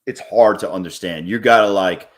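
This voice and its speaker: Live-streaming his day trades, a man with a low voice narrates chart movements for viewers at a moderate pace. He's casual and blunt, cursing freely whenever a trade turns against him.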